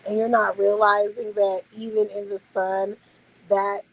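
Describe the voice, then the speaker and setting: A woman's voice: mid-range voice, flat delivery, measured pace, gravelly, a little hiss or hum, rough recording. A woman hosting a casual livestream, chatting loosely with her viewers and swearing freely. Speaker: livestream host. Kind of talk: casual late-night livestream chat.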